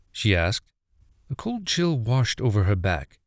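A man telling a horror story as a narrator, in an expressive, dramatic reading. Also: mid-range voice, a little slow, no echo, studio quality.

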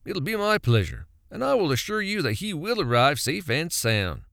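A chirpy, eager young man with a bright, lifted voice that jumps around a lot, as a male narrator plays him. The sound is close and dry. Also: fairly high pitch, sing-song, normal speed, vocal fry, dry recording, pitched above the performer's own voice, heavily acted. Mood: cheerful. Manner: chirpy, upbeat. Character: eager young man, cheerful sober driver.

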